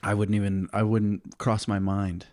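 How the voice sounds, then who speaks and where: A man's voice: lowish voice, little pitch movement, a little slow, a little mellow. A man co-hosting a casual podcast, teasing and interrupting his friend with sarcastic jabs. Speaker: podcast co-host. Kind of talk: casual chat.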